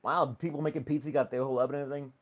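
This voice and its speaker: A man, talking at a middling pitch as he hosts a relaxed morning live stream from home. He rambles through loose chat, laughs easily and calls out viewers by name. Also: rapid-fire, lo-fi sound. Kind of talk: casual chat with live chat readers.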